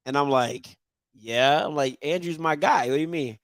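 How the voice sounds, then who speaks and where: A middle-aged man from Maryland hosting a football show, telling a story in a loud, excitable, slangy way with bursts of outrage. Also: a little high, normal speed, no room sound. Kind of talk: casual storytelling monologue.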